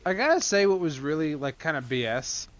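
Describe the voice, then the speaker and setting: A man with a slightly higher voice chats casually about comics on a podcast. He retells scenes with lively, put-on voices and a loose, rambling flow. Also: brisk. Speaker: podcast co-host. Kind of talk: casual comic book discussion.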